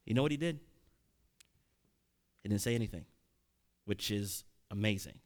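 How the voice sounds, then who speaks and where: A man who sounds to be in his thirties preaches a sermon framed as a personal story, in a fairly low voice at normal speed. His conversational delivery has sudden loud, emphatic peaks and frequent restarts.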